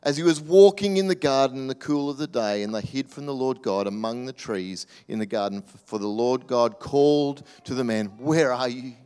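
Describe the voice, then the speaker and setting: Preacher in an echoing hall. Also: male voice, mid-range voice, normal speed, few pauses, clean tone. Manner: animated, acts out quoted voices, drops to soft near-whispers. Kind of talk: sermon. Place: church hall. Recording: reverberant hall.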